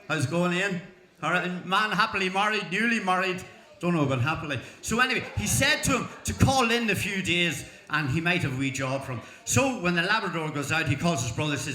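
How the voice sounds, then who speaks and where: A man's voice: fairly high pitch, animated, brisk, bright, forceful tone. A man with an Irish accent telling jokes in folksy storytelling fashion, chuckling through punchlines at a school talent show. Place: school hall. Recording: echoey hall.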